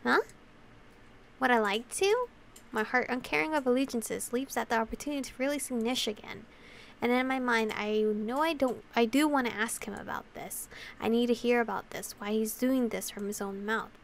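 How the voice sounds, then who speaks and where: A woman's voice: a little high, steady tone, a little fast, a little hiss or hum. Woman reading a visual novel aloud. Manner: emotional reading with giggly asides. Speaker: video game player reading aloud. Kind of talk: visual novel let's play with commentary.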